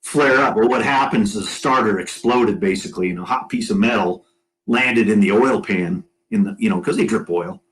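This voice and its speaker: A man guest on a casual podcast, telling a lively flight story and acting out the crew's dialogue. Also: lowish voice, moderate pace, low-quality recording. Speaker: guest, former Marine aircrewman.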